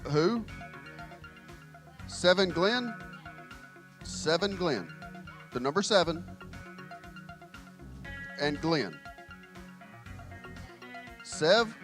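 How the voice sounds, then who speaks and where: A man leading a children's church session in a large indoor room, calling out to the kids loudly and with energy on a handheld microphone. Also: a little high, sing-song, very slow, long pauses, soft background music. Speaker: children's ministry leader.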